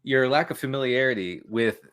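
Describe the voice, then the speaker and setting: A man's voice: medium pitch, fairly quick, a bit bright, clean tone. A man co-hosting a casual football chat, delivering his lines with mock drama and laughing along. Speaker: fantasy football analyst co-host.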